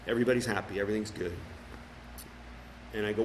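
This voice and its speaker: A man's voice: fairly low pitch, steady tone, quick pace, long pauses, slight background noise, rough recording. A middle-aged man sharing his recovery story as personal testimony at a meeting, earnest and full of fillers and restarts.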